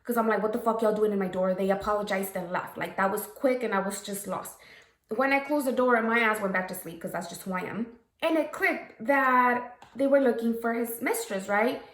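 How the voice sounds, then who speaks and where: A woman's voice: fairly high pitch, moderate pace, fairly bright tone. Frank, profane woman in an echoey room. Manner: frank and profane, with frequent "okay?" and "right?" check-ins. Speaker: makeup vlogger. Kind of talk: casual storytelling during a makeup tutorial.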